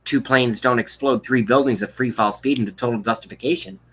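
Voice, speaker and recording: A man's voice: medium pitch, a little fast, a bit bright, a little hiss or hum, low-quality recording. A man hosting a livestream, delivering an angry, profane political rant with contempt. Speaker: livestream host.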